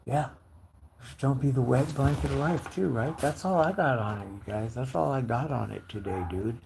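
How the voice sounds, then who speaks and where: A man in his late forties ranting in a casual, profane, rambling way, often breaking into loud mimicked voices. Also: medium pitch, moderate pace, creaky, noisy background. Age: 40s. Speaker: live streamer.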